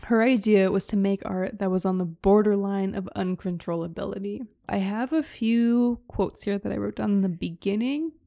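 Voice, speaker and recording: A woman's voice: medium pitch, normal speed, vocal fry, few pauses, dark tone. A young woman co-hosting a casual podcast chat, gushing with enthusiasm and reading quotes aloud. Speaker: podcast co-host.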